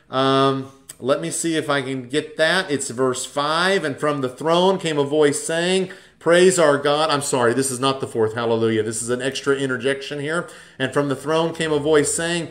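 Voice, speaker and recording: A man with a slightly high voice leads a Bible class in a church classroom. He explains each passage patiently, reading verses aloud and pausing to correct himself as he goes. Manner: explanatory, reads scripture aloud, self-correcting.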